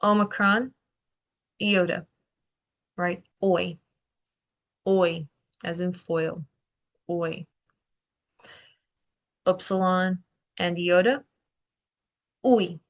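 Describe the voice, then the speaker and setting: A woman with a lowish voice gives a classroom lecture at an unhurried pace. She teaches with encouragement, pausing often to check in with her students. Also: steady tone. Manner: encouraging, checks in with "okay" and "right". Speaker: Greek language instructor.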